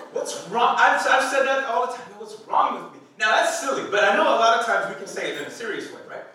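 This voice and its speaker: A man in his thirties preaches in a playful, chatty way, tossing rhetorical questions at his listeners. His voice sits very high and bright. It rings through a large echoing hall, heard from a step back from the mic. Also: recorded from a distance. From Hispanic background. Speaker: pastor. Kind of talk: sermon. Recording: echoey hall, speaker off-mic.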